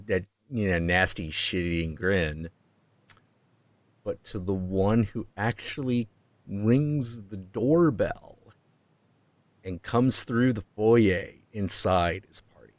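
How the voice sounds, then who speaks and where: A man in a casual chat who speaks slowly and reflectively, musing with many pauses. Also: deep voice, no room sound.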